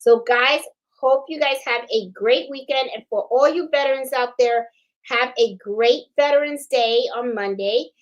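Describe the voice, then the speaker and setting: A chatty middle-aged woman with a fairly high voice talks casually to viewers of her crafts channel. She tells stories in an animated way, repeats words and breaks into laughter often. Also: a little slow, dull audio. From Puerto Rican family background. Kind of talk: casual live-stream chat.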